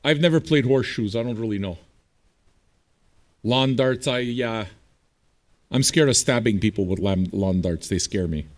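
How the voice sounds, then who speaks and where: A man's voice: on the low side, normal speed, pauses often. A man hosting a livestreamed music show, answering viewer chat in a blunt, profane, combative way. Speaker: streaming radio DJ host.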